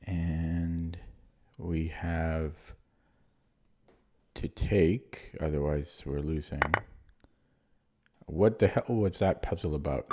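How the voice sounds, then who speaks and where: A man streaming chess, thinking aloud in a low-key, muttering way as he works through puzzles and questions his own moves. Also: steady tone, takes it slowly, long pauses, warm tone. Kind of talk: casual thinking aloud while solving puzzles.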